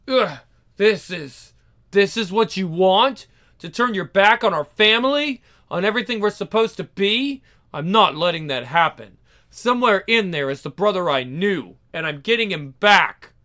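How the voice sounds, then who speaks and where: Ask for a man doing an urgent, higher young heroine. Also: expressive, normal speed, pushed and bright. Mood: determined. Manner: urgent, pleading. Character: determined young heroine sister, earnest.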